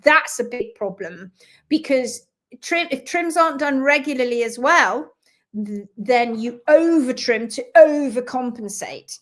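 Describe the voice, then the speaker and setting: Chatty woman hosting a live stream. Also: high-pitched. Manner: chatty, greets viewers and reads out their comments; lively and talkative, with quick asides. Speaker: host of a live stream on hoof care. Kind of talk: casual live-stream chat.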